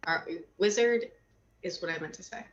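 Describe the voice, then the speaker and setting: A woman playing a tabletop game, playful and swearing, quick to laugh. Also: fairly low pitch, dull audio, crowd noise. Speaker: player. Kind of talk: casual tabletop role-play.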